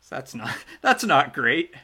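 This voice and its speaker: Slow, bright-voiced male game master. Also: fairly high pitch, sing-song, breathy edge. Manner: loose and chatty, trailing off and restarting. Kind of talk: running a tabletop game, casual narration.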